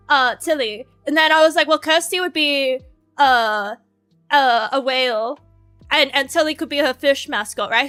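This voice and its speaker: High, bright woman streamer. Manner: rambling, crude and profane, laughs often. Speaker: VTuber streamer. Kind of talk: casual livestream chat.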